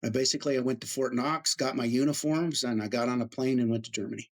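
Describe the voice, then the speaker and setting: Talking quickly in a mid-range voice, a middle-aged U.S. Army veteran relaxes into interview anecdotes. He performs the voices of anyone he quotes, making him a lively storyteller.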